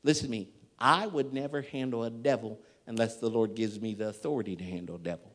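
A man preaching a sermon and telling a story, emphatic and dramatic, swinging between loud and hushed. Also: mid-range voice, quick pace. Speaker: pastor.

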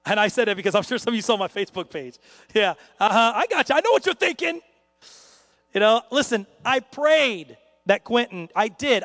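A man preaching a sermon in a joking, conversational way that builds to loud dramatic peaks. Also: high-pitched, in a large hall.

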